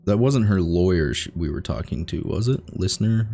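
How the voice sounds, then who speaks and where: Low, mellow-voiced man musing through a game. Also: animated, normal speed, creaky, soft background music. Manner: musing aloud while reading on-screen text. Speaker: let's play host. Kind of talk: casual game commentary.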